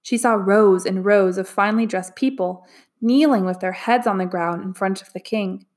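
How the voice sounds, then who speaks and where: A woman's voice: mid-range voice, moderate pace. Woman reading a storybook aloud. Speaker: audiobook narrator.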